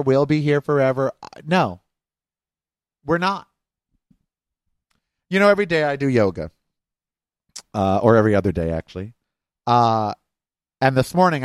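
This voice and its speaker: A man's voice: on the high side, no echo. A middle-aged man hosting his own podcast, talking candidly and emotionally in a rambling personal monologue. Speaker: podcast host.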